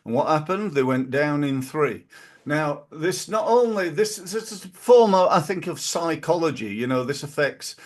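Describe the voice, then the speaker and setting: A middle-aged man, hosting a podcast in a casual motivational monologue and jumping his pitch up to stress key phrases. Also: normal speed. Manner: animated, punches quoted catchphrases with big pitch jumps. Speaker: podcast host.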